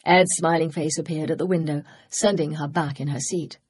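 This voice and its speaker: A woman narrating a cozy mystery audiobook, measured and poised. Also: low voice, steady tone, breathy edge. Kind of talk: scripted narration.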